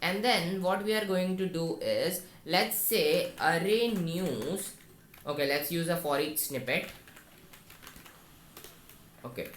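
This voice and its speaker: Man, coding tutorial, slow explanation, low-ish voice, echoey room, faint typing behind. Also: fairly bright tone, a little hiss or hum. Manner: slow and instructive, talks through each step. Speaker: programming tutor. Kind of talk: screen-recorded coding tutorial.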